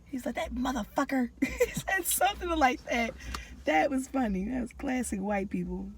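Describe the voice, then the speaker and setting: A woman's voice: sits high, big pitch swings, moderate pace, vocal fry. A woman co-hosting a podcast in laid-back casual chat, sick with a cold. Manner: laid-back, laughing banter. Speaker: podcast co-host. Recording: noisy background.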